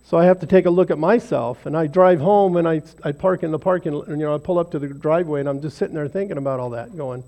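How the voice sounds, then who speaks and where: Gravelly, mellow man giving a devotional. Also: fairly high pitch, fast, few pauses. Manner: rambling, self-deprecating, conversational. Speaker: lay speaker leading a devotional. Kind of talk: informal devotional talk. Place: small group gathering.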